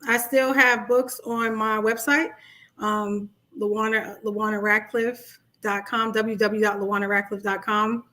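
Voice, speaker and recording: A woman's voice: mid-range voice, level tone, a little slow, pushed and bright. A middle-aged woman with a New York accent, a life coach talking casually on a livestream and greeting her viewers by name. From Brooklyn, New York. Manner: chatty, greets commenters by name.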